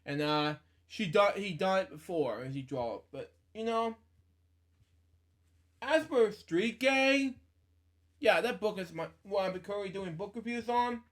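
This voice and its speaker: Man hosting a casual book review, rambling, self-correcting, slightly high voice. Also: lively intonation, unhurried.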